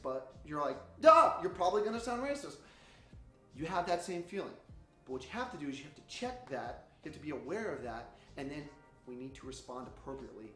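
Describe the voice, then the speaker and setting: A man preaching a sermon series intro, animated and loud when he acts out his own reactions. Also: fairly high pitch, echoey room.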